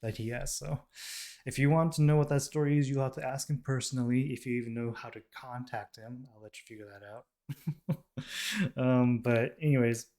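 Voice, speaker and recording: Talking casually at a normal pace, an American K-pop reaction channel host has a mid-range, slightly mellow voice. He meanders as he addresses the camera, often saying um and backtracking to correct himself.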